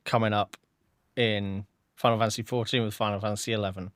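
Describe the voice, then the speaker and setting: A man's voice: fairly low pitch, level tone, fast talker, clear, resonant tone, no room sound, clean studio sound. A man hosting a podcast in casual chat, hesitant, with stumbling restarts. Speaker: podcast host.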